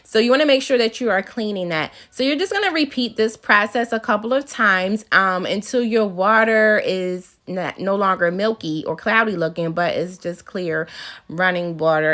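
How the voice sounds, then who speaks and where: A young woman talks straight to her viewers from her home kitchen, chatty and open, often breaking into laughs. Her voice sits in a middle register with a bright, forward edge. She sounds like a casual cooking vlogger sharing her thoughts. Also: mid-range voice, moderate pace. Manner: chatty, emotional, lively with frequent laughs and "child". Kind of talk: casual chat to camera while cooking.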